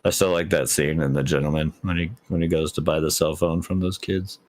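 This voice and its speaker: A man's voice: a bass voice, steady tone, a little fast. A man co-hosting a podcast in casual chat, tossing in dry, joking asides and laughing often. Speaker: podcast co-host.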